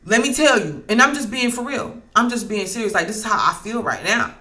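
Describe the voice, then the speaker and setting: A woman speaking in a somewhat high voice that swings widely up and down. She gives a casual astrology reading in a blunt, heated way. She swears freely and hammers points home by repeating them. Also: animated, a little fast, pushed and bright. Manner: repeats herself for emphasis. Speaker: astrology and tarot reader. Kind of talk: casual direct-to-camera astrology talk.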